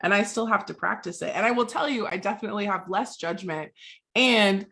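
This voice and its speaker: A woman co-hosting a casual chat, warmly agreeing and sharing her own experience. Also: medium pitch, creaky. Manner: warmly agreeing, quick laughs. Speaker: co-host.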